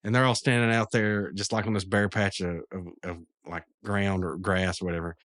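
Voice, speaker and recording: Low-voiced man casually recapping an episode. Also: little pitch movement, fairly bright tone, dry recording, studio quality. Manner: rambling, laughs often, quick quoted voices. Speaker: podcast host recapping a cartoon episode.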